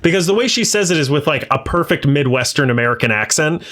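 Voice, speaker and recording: A man's voice: a little high, animated, quick pace, fairly bright tone. A man co-hosting a casual review podcast, joking with sarcastic asides. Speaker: podcast co-host.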